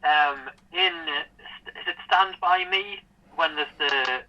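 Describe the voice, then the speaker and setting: A man's voice: fairly high pitch, slow pace, lo-fi sound. A man telling a crude story on a casual podcast, laughing as he talks. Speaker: podcast guest. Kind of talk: casual podcast chat over a call.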